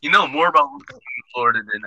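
A man's voice: medium pitch, huge pitch swings, rapid-fire, sharp tone, dry recording, muffled recording. A man from Oklahoma on a voice chat, firing off blunt, mocking one-liners. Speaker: chat participant. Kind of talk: casual online voice chat.

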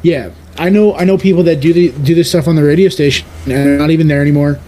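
A man's voice: a little high, fairly even intonation, fast talker, dark tone, slight background noise, rough recording. Rambling man with a subtle New York accent. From New York area, outside the city. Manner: rambling, with frequent restarts and "man". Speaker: podcast guest. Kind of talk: casual chat.

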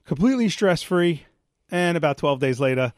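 A man with a slightly high voice co-hosts a podcast in loose, casual chat. He spins long, rambling stories and acts out what other people said along the way. The recording is dry and close, with no room sound. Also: animated, normal speed, no echo. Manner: rambling storyteller, acts out quotes. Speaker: podcast co-host.

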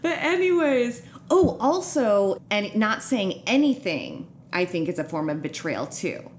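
A young woman hosting a podcast in casual chat, animated and profane, laughing often. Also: mid-range voice, unhurried, a little hiss or hum. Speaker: podcast host.

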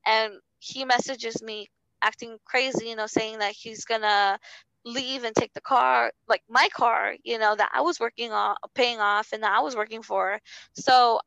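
A young woman speaking in an interview with a gravelly, fry-edged voice that still sounds smooth and full. She talks haltingly and earnestly, restarting phrases and leaning on fillers. The sound is close and dry. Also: fairly high pitch, fairly even intonation, pushed and bright, no room sound, dull audio. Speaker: interview guest. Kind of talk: personal testimony in conversation.

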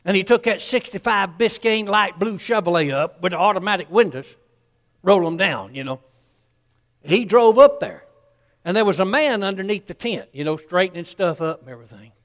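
A man's voice: sits high, animated, moderate pace, fairly bright tone, long reverb tail. A man, preaching a sermon in a folksy storytelling way and acting out the people in his story.

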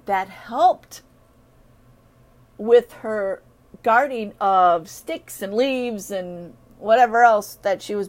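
A woman of middle age talks casually and at length about training her dogs. She rambles from one story to the next and tells them in an animated way, slipping into little voices for what the dogs would say. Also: medium pitch. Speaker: dog owner sharing training tips. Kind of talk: casual chat.

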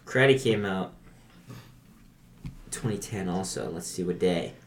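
A man's voice: sits low, a little slow. A man co-hosting a casual podcast chat, dry and questioning. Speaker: podcast co-host. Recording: echoey room, faint noise.

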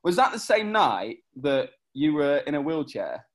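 A man chatting on a podcast as the guest, recounting old football stories. His pitch swings up and down freely as he talks, and he keeps breaking into laughter between lines. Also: sing-song, unhurried. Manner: laughs often while telling stories. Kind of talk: casual podcast chat.

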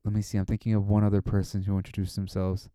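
Low, mellow-voiced man co-hosting a podcast. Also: completely flat delivery, fast talker, no echo, studio quality. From Spanish-speaking family in the United States. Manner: thoughtful, repeats words while thinking. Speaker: podcast co-host. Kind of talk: casual chat.

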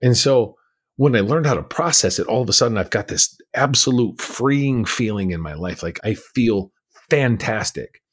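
A man's voice: mid-range voice, animated, moderate pace, husky. A man on a podcast, telling his personal story in a candid, emphatic way. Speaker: podcast guest.

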